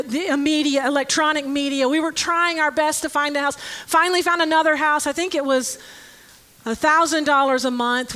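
Middle-aged woman, high voice, earnest testimony, soft laughs. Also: rough recording. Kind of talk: personal testimony.

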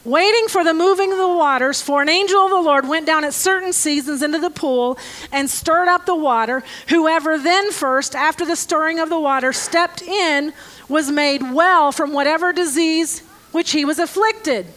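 Female preacher, very high and bright, slow scripture reading broken by sarcastic jokes at the congregation. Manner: joking, sarcastic asides to the congregation. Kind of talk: conversational sermon with Bible reading.

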